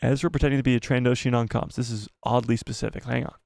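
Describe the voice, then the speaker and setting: A man hosting a casual live stream, excitable, swearing and reading the chat aloud. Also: mid-range voice, fast, vocal fry, no room sound, studio quality.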